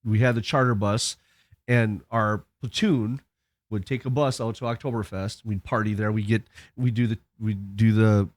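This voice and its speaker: A middle-aged man chatting on a podcast, telling a crude story in a relaxed way and laughing as he goes. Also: fairly low pitch, normal speed, dry recording. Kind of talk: casual podcast chat, storytelling.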